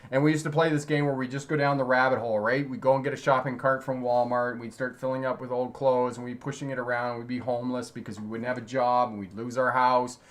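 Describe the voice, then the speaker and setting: A man's voice: medium pitch, flat delivery, quick pace, hardly any pauses. A middle-aged man hosting a driving-lesson live stream, chatty and laughing often as he reads chat questions and repeats key points.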